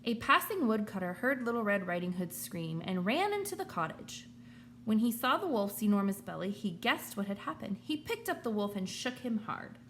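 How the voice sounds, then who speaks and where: Expressive woman reading a children's story. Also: mid-range voice, slight background noise. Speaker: teacher reading aloud. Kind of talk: children's story read-aloud.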